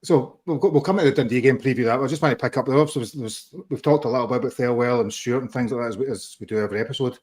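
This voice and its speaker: Brief: quick-talking male host, weary tone. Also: medium pitch, a little mellow. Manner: weary, measured. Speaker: podcast host. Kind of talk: casual football chat.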